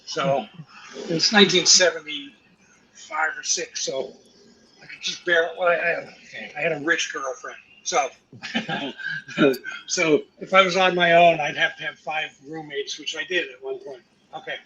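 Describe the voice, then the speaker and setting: An older man, a guest actor, telling profane, animated stories about his career to a live audience and acting out the quotes. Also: fairly high pitch, moderate pace, slight background noise, rough recording. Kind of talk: anecdotal storytelling to a live audience.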